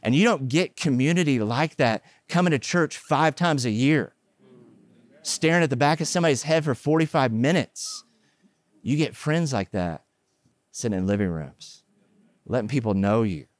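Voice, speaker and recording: A man's voice: medium pitch, normal speed, dry recording. Middle-aged male pastor, casual sermon, playful asides, close dry mic. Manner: joking, animated asides, chatty fillers. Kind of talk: conversational sermon with humor.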